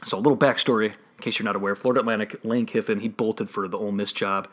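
A man with a fairly low, steady voice and a Chicago accent talks fast while hosting a solo sports betting podcast. He works analytically through his picks, often restarting phrases and trailing off quietly at the ends.

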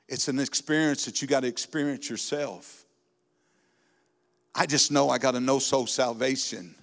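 A man preaching a sermon in a church, building from steady teaching into fervent, emphatic exhortation. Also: medium pitch, moderate pace, vocal fry. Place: church sanctuary. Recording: long reverb in a hall.

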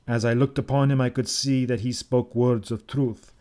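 A man narrating a first-person tale in a measured, solemn audiobook reading. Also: medium pitch, fairly even intonation, darkish tone.

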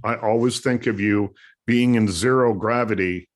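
A man's voice: fairly low pitch, normal speed. A man hosting an interview, asking questions and adding short voiced links between segments. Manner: attentive, laughs along, short affirmations. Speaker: interviewer, host.

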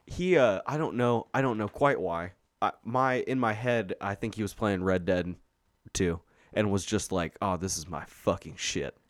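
A man's voice: on the low side, moderate pace, no room sound, clean studio sound. A man co-hosting a podcast in casual chat, meandering and swearing freely. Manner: chatty, meandering, profane. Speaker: podcast co-host.

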